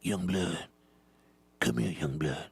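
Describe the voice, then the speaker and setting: A man's voice: low-pitched, lively intonation, slow, creaky, slightly rough, voice pushed down, exaggerated voice. A comedian playing a bitter old male janitor who whispers ominous warnings to a new hire. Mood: whispered beckoning.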